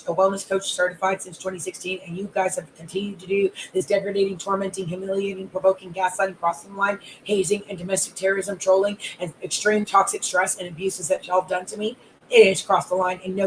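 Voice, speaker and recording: Calmly enraged coach with piled-up lists. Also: mid-range voice, a little hiss or hum, low-quality recording. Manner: controlled anger, long repetitive lists of grievances. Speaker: life and wellness coach. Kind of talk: live audio-room monologue.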